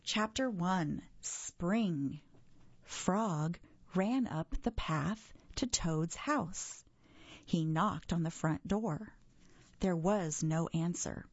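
A woman reading a children's story aloud for a reading service, in a gentle, clear storytelling manner. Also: fairly low pitch, very slow, no room sound, muffled recording. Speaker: audio reader for a reading service.

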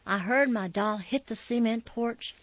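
A woman narrating a memoir in a calm, measured reading. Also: on the high side, dry recording. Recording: slightly dull, dry recording.

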